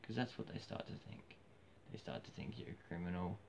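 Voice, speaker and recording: A hoarse man with an Australian accent, rambling casually in a live video monologue with many restarts. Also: deep voice, animated, brisk, a little mellow. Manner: rambling, frequent restarts and fillers. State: hoarse, losing his voice. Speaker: vlogger. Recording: dull lo-fi with faint hiss.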